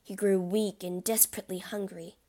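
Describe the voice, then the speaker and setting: A woman's voice: mid-range voice, flat delivery, brisk, dark tone. A woman reading a classic adventure story aloud as narrator, with a dramatic delivery.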